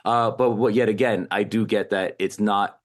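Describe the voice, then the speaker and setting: A man's voice: on the low side, fairly even intonation, normal speed. A man film critic in a casual panel chat, rambling and full of fillers as he works through his thoughts.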